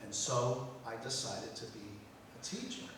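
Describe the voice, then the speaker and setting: A man telling an animated story to an audience and building to a punchline. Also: fairly low pitch, measured pace, noisy background. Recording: echoey hall from far off.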